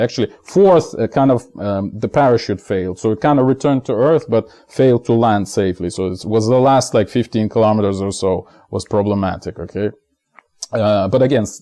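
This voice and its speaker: A man's voice: fairly low pitch, mellow. Man in a rambling spoken monologue. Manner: rambling, frequent fillers and asides to viewers. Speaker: video essayist. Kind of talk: casual explanatory monologue.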